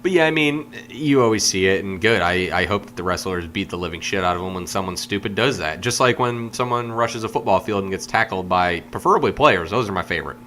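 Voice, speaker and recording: A man's voice: low-pitched, expressive, fairly quick, hardly any pauses, sharp tone, a little hiss or hum. A man co-hosting a casual podcast, mostly giving short agreeing replies and blunt opinions. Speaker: podcast co-host. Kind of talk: casual chat.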